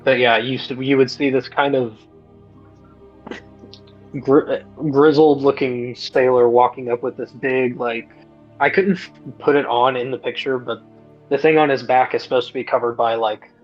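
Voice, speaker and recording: A man playing in a tabletop game, describing his character in a halting way that corrects itself. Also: mid-range voice, fairly even intonation, muffled recording, faint music behind. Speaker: player.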